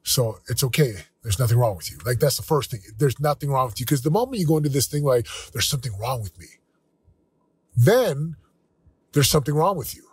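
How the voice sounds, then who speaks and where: A man in his forties, hosting a motivational talk, speaking earnestly and candidly with a slightly husky voice. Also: mid-range voice, lively intonation, fast talker, darkish tone. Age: 40s. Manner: earnest, candid, with self-quoting asides. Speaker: podcast host.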